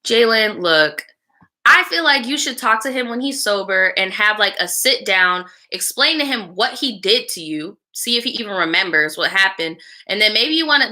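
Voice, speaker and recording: Woman host w a super bright edgy voice, reads viewer stories, cusses, talks to chat. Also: mid-range voice, animated, moderate pace. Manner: blunt, casual and slangy, with frequent swearing; chats back to live viewers between lines. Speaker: live show host. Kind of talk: reading a viewer's story aloud and giving advice.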